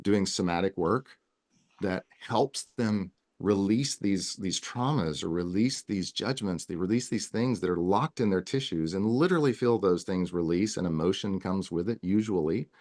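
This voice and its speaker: A man's voice: deep voice, moderate pace, darkish tone. A man speaking as a guest in a casual podcast interview, earnest and rambling, with frequent restarts. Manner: earnest, talks in long runs with many restarts. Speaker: wellness guest.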